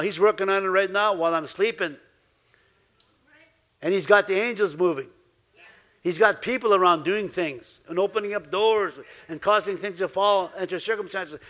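A man preaching a sermon as pastor, lively, laughing now and then and acting out the voices he quotes. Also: high voice, moderate pace.

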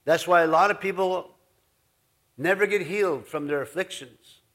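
High-voiced man preaching casually. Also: normal speed, fairly bright tone. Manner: rambling, folksy, digressive with many asides. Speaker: pastor. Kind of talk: conversational sermon. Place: church.

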